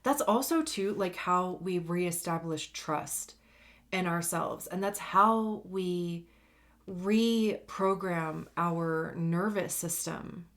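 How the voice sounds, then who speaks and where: A woman's voice: lowish voice, slow pace. A woman giving a casual, slangy tarot reading, chatty and laughing often. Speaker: tarot reader.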